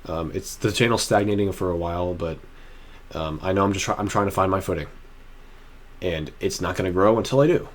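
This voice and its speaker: A man's voice: sits low, fairly quick. A young man talking to camera in a personal vlog, rambling and restarting often, earnest and emotional. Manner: earnest and heartfelt. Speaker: vlogger.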